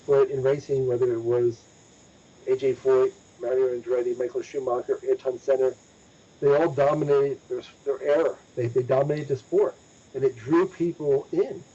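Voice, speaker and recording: A man hosts a casual motorsports talk podcast with a mellow, slightly husky voice. He speaks emphatically and repeats his points for weight. The audio is dull and lo-fi. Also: mid-range voice, steady tone, normal speed. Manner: emphatic, repeats himself for stress. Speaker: motorsports news podcast host.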